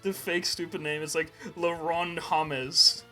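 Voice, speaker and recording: A man's voice: fairly high pitch, level tone, unhurried, music in the background. A young man co-hosting a casual podcast, joking, rambling and swearing freely. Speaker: podcast co-host. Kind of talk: casual chat.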